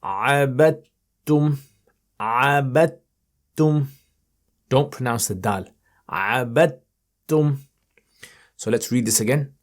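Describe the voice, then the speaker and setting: Male recitation teacher, mid pitch, unhurried, encouraging, models verses slowly. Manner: chants verses in a raised melodic tone. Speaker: Quran reading teacher. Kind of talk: online recitation lesson.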